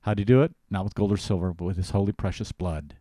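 A man with a fairly low voice teaches the Bible as a pastor in relaxed talk. He presses hard on key words and often restarts mid-sentence. The recording is dry and close. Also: fast, no room sound. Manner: emphatic, animated, restarts often.

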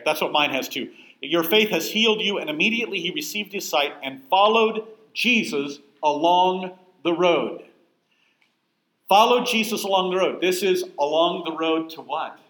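A man leads a Bible class, talking in a lively, conversational way and stressing points hard. He keeps asking his listeners questions. His voice sits a little high and rings in an echoey room. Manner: emphatic, asks the room questions. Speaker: pastor teaching a Bible class.

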